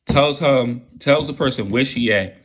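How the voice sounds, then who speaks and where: A man telling a wild personal story in a casual, profane and excitable way. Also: medium pitch, unhurried.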